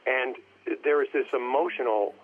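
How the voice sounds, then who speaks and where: A man chatting casually on a commentary track, rambling and halting as he searches for his words, heard over a phone line. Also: mid-range voice. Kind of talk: casual chat.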